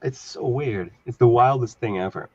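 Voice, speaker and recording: A man's voice: mid-range voice, normal speed, mellow, husky, no room sound, dull audio. A man chatting casually on a video call, telling a long rambling story and laughing often. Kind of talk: casual chat.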